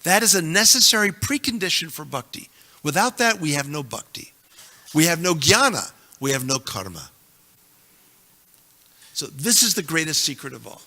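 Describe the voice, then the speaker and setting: A man's voice: fairly high pitch, big pitch swings, normal speed, pauses often, sharp tone, big-room sound. A man teaching a class on scripture, reciting verses with emphasis and making joking asides to his audience. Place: temple hall.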